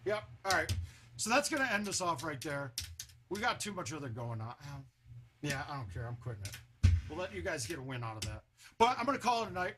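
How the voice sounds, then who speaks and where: A man's voice: medium pitch, very noisy. A man chatting casually on a home live stream, loose and talkative, with a sore throat.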